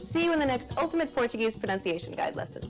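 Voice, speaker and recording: A woman explains pronunciation in clear, scripted lesson narration. Her voice is slightly high, and her intonation rises and falls in a lively way. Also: rapid-fire, over loud music.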